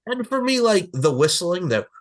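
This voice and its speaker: A man in his forties hosting a casual podcast chat, excitable, laughing often and swearing freely. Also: high-pitched, normal speed. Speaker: podcast host.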